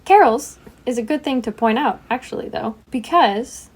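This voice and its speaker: A woman's voice: on the high side, animated, normal speed, breathy edge, poor audio. A woman co-hosting a casual podcast, wry and teasing, laughing often as she talks. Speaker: podcast co-host. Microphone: headset.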